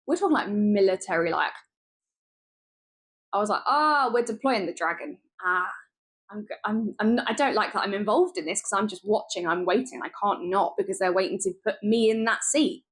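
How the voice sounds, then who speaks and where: Woman, young adult vlogger, lively storyteller, mid-range pitch. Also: moderate pace, slightly rough. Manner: lively, animated retelling with laughs and asides. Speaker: travel vlogger. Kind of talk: chatty storytelling vlog.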